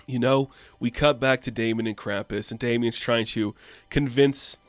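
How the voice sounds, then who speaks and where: A man's voice: medium pitch, fairly even intonation, normal speed, no echo, faint music behind. Chatty, offhand man with a dry sound. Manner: offhand, chatty, many fillers. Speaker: comic book reviewer. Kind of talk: casual comic recap.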